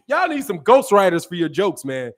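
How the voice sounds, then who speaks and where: A man with a strikingly high voice hosts a boxing live stream. He talks loose and slangy, swears freely, laughs a lot and answers his chat. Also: big pitch swings, unhurried. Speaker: boxing channel host. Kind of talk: casual live-stream commentary.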